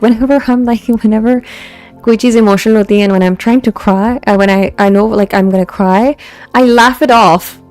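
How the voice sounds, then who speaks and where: A woman's voice: medium pitch, darkish tone, smooth, dry recording. A young woman with an Indian English accent streaming live, chatting casually and mixing English with Hindi, full of restarts. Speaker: VTuber streamer. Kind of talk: casual live-stream chat about fan poetry.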